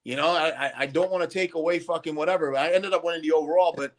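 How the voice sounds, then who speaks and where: Middle-aged male podcast host, animated raconteur, slightly high voice. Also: fast. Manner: animated storytelling, heavy swearing. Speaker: podcast co-host, former bodybuilder. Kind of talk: casual chat.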